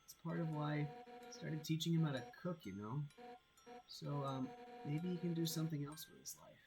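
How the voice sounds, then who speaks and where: A man reading a game aloud while voicing a brash, hot-headed female fish warrior captain in a loud, blunt way. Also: fairly high pitch, normal speed, vocal fry, over music, rough recording. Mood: confiding. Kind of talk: reading game dialogue aloud on a live stream.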